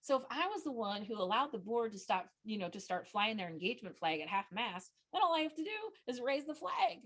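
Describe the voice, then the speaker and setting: A middle-aged woman giving a webinar presentation into a close microphone, earnest and chatty, often restarting her sentences and jumping up in pitch when excited. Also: fairly quick. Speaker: nonprofit communication trainer.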